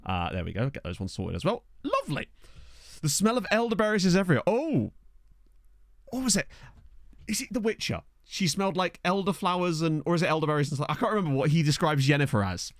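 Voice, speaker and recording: Chatty man with a lively voice. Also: on the high side, no echo, clean studio sound. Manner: chatty and jokey, thanking viewers, quick laughs. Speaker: streamer playing a football management game. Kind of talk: casual live-stream chat. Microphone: desk microphone.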